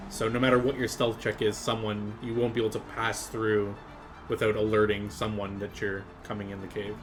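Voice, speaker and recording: A man's voice: lowish voice, a little fast, over music. Laid-back male game master. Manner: relaxed narration with frequent laughs and fillers. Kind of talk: narrating a tabletop game on a live stream.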